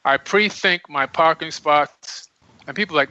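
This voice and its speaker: Appearing as a radio interview guest, this man speaks at a normal speed in a sharp voice that sits on the high side. His delivery is earnest and emphatic as he preaches self-empowerment, all captured in dull lo-fi radio audio.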